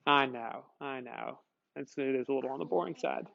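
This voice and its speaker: A man's voice: mid-range voice, moderate pace, creaky, dull audio. A male teacher giving a conversational classroom lecture, asking the class questions and answering them himself.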